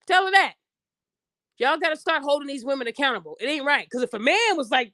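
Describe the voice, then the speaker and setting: Podcast host, young woman, AAVE, high voice, blunt and lecturing, dry close sound. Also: lively intonation, fast, bright, forceful tone, dry recording. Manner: blunt, preachy, addresses listeners directly, acts out quoted voices. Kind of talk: opinionated podcast monologue.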